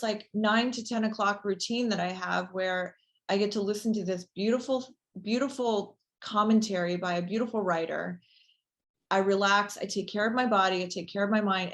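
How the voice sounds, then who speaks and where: A female company founder chats casually through an interview, leaning on plenty of fillers, and her talk grows into an excited pitch.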